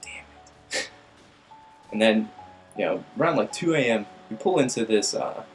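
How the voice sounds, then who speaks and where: A man's voice: lowish voice, animated, measured pace, soft background music, poor audio. A young man casually telling a rambling, profane story to his viewers. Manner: rambling, filler-heavy, profane. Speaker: vlog host.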